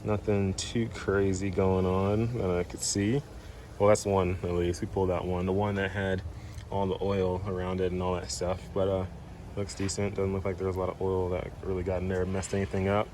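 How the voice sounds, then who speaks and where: A deep-voiced man chats casually as he works on his car, easygoing and rambling with plenty of "uh" and "um". A faint hum of noise sits behind his voice. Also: flat delivery, normal speed, a little mellow. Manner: rambling, easygoing, lots of fillers. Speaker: car vlogger. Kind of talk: casual chat.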